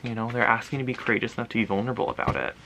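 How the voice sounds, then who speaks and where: A man's voice: mid-range voice, big pitch swings, rapid-fire, gravelly, pushed and bright, a little hiss or hum. A man giving a casual pick-a-card tarot reading to his viewers, talking in a rambling, loose way with lots of fillers and the odd swear.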